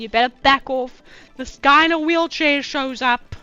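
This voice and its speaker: A woman host with a high, bright, pushed voice reads fanfiction aloud at a moderate pace, layering in sarcastic, profane commentary and mocking asides. The recording is dull and lo-fi with faint music.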